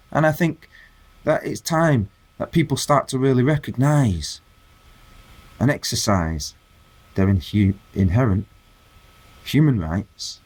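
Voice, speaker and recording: A vlogger with a medium-pitched, breathy-edged voice delivers an impassioned video rant, preaching at his viewers and firing rhetorical questions at them.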